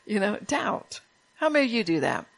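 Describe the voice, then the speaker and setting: A woman's voice: mid-range voice, big pitch swings, normal speed, vocal fry, low-quality recording. Woman preacher, folksy and chatty, laughs between points and calls out to the congregation. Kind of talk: sermon.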